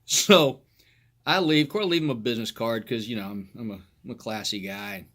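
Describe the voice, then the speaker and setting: A middle-aged man recounts an old police call in a relaxed, conversational way. His voice sits at an ordinary middle pitch. He breaks into laughter often and swears freely as he tells it. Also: brisk. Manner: laughs often while telling, crude humor. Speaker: former police officer telling a story. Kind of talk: casual anecdote storytelling.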